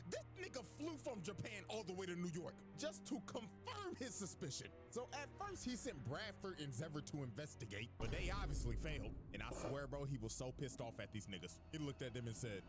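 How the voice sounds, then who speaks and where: A man's voice: on the high side, a little fast, hardly any pauses. Man roasting a cartoon over music. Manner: crude, deadpan roasting. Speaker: recap narrator. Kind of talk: comedic recap narration.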